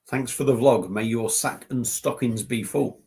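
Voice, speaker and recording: A man's voice: mid-range voice, darkish tone. A man from southern England hosting a casual beer-review live stream, rambling and joking with frequent laughs. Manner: rambling, jokey, laughs often. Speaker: beer review channel host.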